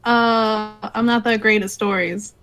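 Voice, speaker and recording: A woman's voice: fairly high pitch, fairly even intonation, measured pace, a bit bright, clear, resonant tone. A woman playing a tabletop game, answering in short, dry, hesitant lines. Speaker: tabletop player.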